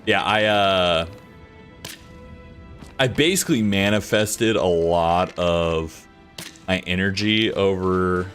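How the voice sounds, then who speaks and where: A man's voice: deep voice, slow, pauses often, fairly bright tone, faint music behind. A man streaming a video game from his home office, chatting casually with many fillers and the odd swear. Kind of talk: casual live-stream chat while gaming.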